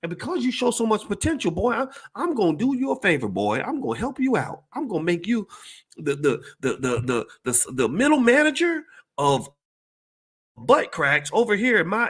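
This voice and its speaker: A condescending boss man, put on by a man in a voice pushed far above his own. The tone is smug and mocking, with a swooping, lively delivery. He talks down to a young worker and keeps saying "boy". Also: high voice, slightly rough, voice pushed up, exaggerated voice. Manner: mocking, repeats "boy" over and over.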